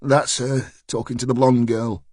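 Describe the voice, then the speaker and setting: A jittery, gossipy pub landlord, put on by a male narrator with a lilt, stammering as he spills rumours. He talks a touch lower and softer than the narrator's own voice. The sound is close and dry, with no room around it. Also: little pitch movement, measured pace, dry recording, lightly acted. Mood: nervous gossip. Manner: stammering, chatty, dialect-heavy.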